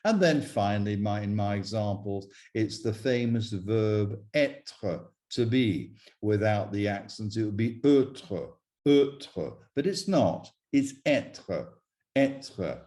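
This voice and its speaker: A man teaching French pronunciation, explaining rules slowly and repeating each example word. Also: fairly low pitch, animated, a little mellow. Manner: slow, deliberate, repeats example words.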